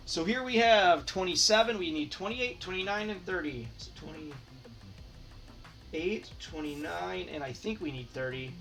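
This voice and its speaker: A hockey card collector from Michigan, in the United States, hosts a channel where he casually chats while sorting and counting cards aloud. His voice is fairly high-pitched and gravelly with a fairly bright tone, picked up by a distant mic.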